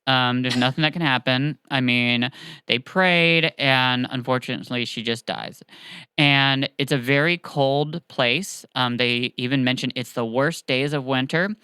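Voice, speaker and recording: Chatty podcast host, bright crisp voice. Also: mid-range voice, unhurried, no room sound. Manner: chatty and animated, with filler words and laughs. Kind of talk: casual chat, retelling a story.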